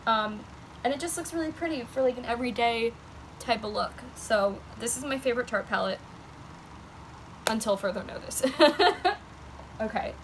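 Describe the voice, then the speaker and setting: A woman's voice: fairly high pitch, moderate pace, long pauses, a little hiss or hum. A woman beauty vlogger chatting casually about her makeup, with lots of ums and likes. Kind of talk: casual chat showing makeup. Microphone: phone.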